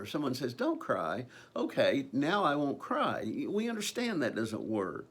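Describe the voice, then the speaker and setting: A man's voice: fairly high pitch, wildly swooping pitch, normal speed, husky. A man preaching a conversational sermon, earnest and unscripted, with frequent ums and restarts. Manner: earnest, conversational, with many ums and repeated phrases.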